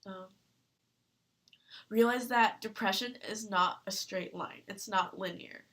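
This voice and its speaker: A young woman talking earnestly in a personal vlog, halting with fillers and close to tears. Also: mid-range voice, fairly bright tone. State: tearful. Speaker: vlogger.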